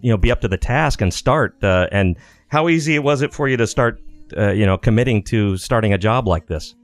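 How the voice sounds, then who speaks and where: A man's voice: on the low side, fairly quick, no echo. A man hosting a casual radio interview. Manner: rambling, self-interrupting questions. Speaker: radio show host.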